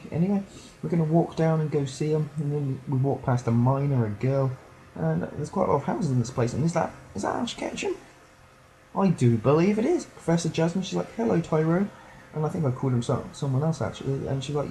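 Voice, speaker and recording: A teenage boy with a mellow, medium-pitched voice commentates a let's play, rambling, cracking jokes, and voicing game characters in silly ways. The recording is poor and at times slightly distant.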